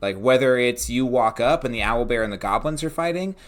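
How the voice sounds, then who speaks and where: A man's voice: mid-range voice, animated, a little fast. Rambling young male game master. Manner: rambling, filler-heavy, talks it out. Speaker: podcast co-host, game master. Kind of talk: casual chat.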